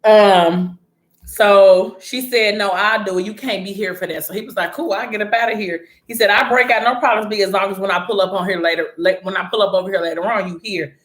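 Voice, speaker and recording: A woman casually recapping a story in blunt, animated, slang-heavy chat. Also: mid-range voice, brisk. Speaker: vlogger recapping a TV series. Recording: echoey room.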